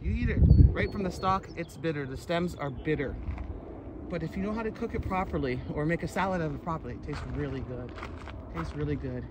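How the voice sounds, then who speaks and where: A middle-aged woman chatting casually in a walking vlog, rambling excitedly as she films on her phone outdoors in the countryside. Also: low-pitched, brisk. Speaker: vlogger. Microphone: phone camera held while walking. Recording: loud outdoor background noise. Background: loud outdoor noise.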